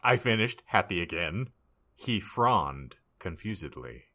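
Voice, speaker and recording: A male podcast host narrates a comedy reading in a wry, mock-earnest way. He speaks slowly, his pitch moving a lot, with a low but bright voice. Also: sing-song.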